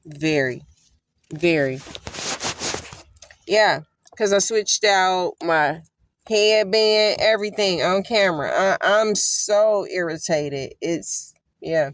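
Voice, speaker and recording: A woman's voice: mid-range voice, takes it slowly, no room sound. A woman hosting a casual Bible study on her phone, irritated and repeating herself. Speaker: host of an online Bible study. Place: in her vehicle. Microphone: phone camera.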